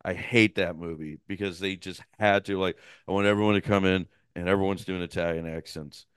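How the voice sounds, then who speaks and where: A man's voice: low voice, fairly even intonation, a little fast, smooth, no room sound, clean studio sound. A man co-hosting a podcast, chatting casually in a crude, rambling way and laughing often. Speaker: podcast co-host. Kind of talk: casual chat.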